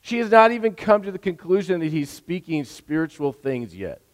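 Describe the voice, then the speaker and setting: A man giving a sermon as a pastor, animated and conversational, often checking in with "right?". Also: on the high side, moderate pace. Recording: long hall reverb.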